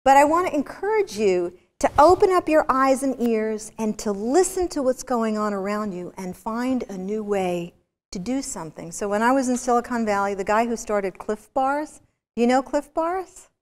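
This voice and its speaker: A woman with a fairly high voice delivers a motivational business lecture. She tells stories with energy and keeps asking the audience questions. Her voice rings out with the long reverb of a big lecture hall. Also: lively intonation, moderate pace.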